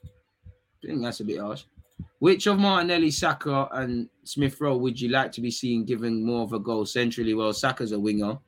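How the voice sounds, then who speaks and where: Fast-talking young man streaming. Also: medium pitch. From England. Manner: fast slangy chatter, teasing chat, quick asides. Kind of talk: casual live-stream chat reading comments.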